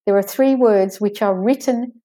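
A woman teaching an audio pronunciation lesson, saying words slowly and carefully for listeners to repeat. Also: medium pitch, mellow.

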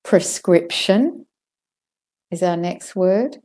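A woman teaching English pronunciation, carefully modelling words and repeating them slowly. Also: fairly low pitch, dark tone. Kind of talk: pronunciation lesson.

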